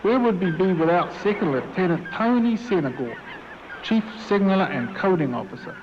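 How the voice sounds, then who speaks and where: A man's voice: sits high, expressive, moderate pace, background noise. A man voicing a hearty male ship's admiral with a mock Australian twang, in pompous naval bluster, heard through dull, echoey hall playback.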